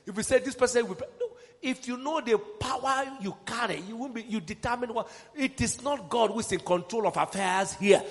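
A man preaching a sermon, emphatic and rousing, calling questions to his congregation and rising into shouts. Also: very high voice, brisk, in a large hall, soft background music.

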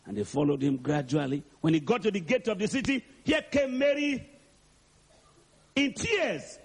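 A male preacher delivers a dramatic sermon and keeps asking the crowd to answer back. His voice is high for a man. It rises and falls a great deal and has a husky grain. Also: very animated, normal speed. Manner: dramatic, calls for responses.

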